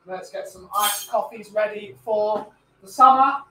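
A man's voice: high voice, measured pace, pushed and bright, a little hiss or hum, poor audio. A tired man, hosting a casual livestream and chatting as he reads out viewers' greetings. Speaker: livestream host.

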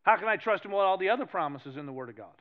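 A male pastor with a New England accent preaching a sermon, animated and emphatic, swinging between loud exclamations and hushed asides. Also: high-pitched, rapid-fire, narrow, tinny audio. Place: church sanctuary.

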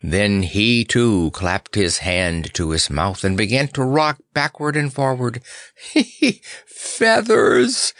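Male audiobook narrator, slow and lively in pitch, dry close sound. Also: no echo. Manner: measured, expressive storytelling. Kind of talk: scripted narration.

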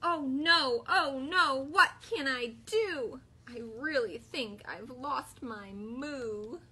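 A woman voicing a sad young female cow who has lost her moo, in a high, slow, worried storybook voice. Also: bright, forceful tone, husky, heavily acted. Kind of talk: storybook reading for children.

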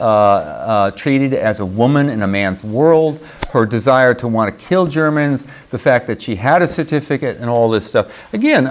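Man lecturing with rambling check-ins. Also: medium pitch. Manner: rambling, frequent restarts and "okay?" check-ins. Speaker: creative writing professor. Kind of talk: classroom seminar lecture. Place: university classroom.

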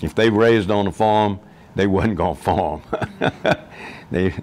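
A man speaking plainly and haltingly in an interview. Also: deep voice, a little mellow, slight background noise. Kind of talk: casual conversation.

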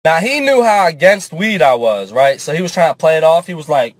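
A young man telling a comic story in a casual, profane, animated way, often switching into character voices. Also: fairly high pitch, a little fast, dry recording. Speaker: comedian.

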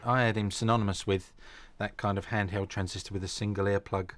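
A man speaking gently and thoughtfully in a reflective interview. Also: on the low side, fairly even intonation, a little fast.

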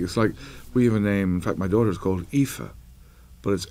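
Deep-voiced Northern Irish man musing. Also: a little fast. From Northern Ireland. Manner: relaxed, musing, with frequent fillers and restarts. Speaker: actor interviewee. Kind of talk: casual interview chat.

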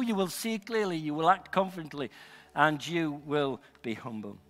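A male pastor from Northern England preaching a sermon in a church hall, emphatic and building to loud, shouted declarations. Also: fairly high pitch, normal speed. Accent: Northern English. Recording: long hall reverb.

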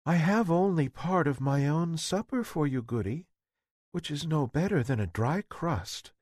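A man voicing a good-natured young girl, speaking softly and kindly in a slightly raised voice. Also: on the high side, animated, a little slow, no room sound, studio quality, pitched above the performer's own voice. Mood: gentle. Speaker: storybook figure.

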